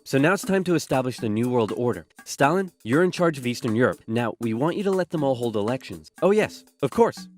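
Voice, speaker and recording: A man narrates comedic animated history at a middling pitch, his voice bouncing widely up and down. He jumps quickly between silly character voices. Faint music plays under him. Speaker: narrator doing all the voices.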